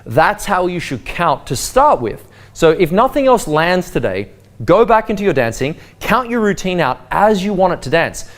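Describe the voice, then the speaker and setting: A man's voice: high-pitched, very animated, normal speed. A man teaching a waltz lesson, explaining timing and counting beats aloud with a sing-song lilt. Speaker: dance teacher. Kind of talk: spoken dance lesson. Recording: faint waltz music behind. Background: waltz music.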